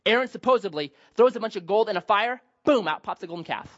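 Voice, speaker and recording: A man's voice: high-pitched, expressive, fast talker, fairly bright tone. A man pastor giving a sermon, telling Bible stories with humor and acted asides, on a dull lo-fi recording.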